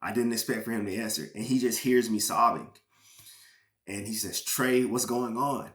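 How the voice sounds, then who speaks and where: A man from Georgia, a former pro football player, sharing a personal testimony as a podcast guest with earnest, halting emotional storytelling. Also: fairly low pitch, fairly bright tone, reverberant. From Georgia, USA.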